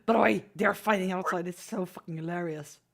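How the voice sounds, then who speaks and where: A woman's voice: fairly low pitch, fairly quick, creaky. A woman from Sweden chatting casually on a livestream while she draws. She swears freely and laughs often. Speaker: streamer.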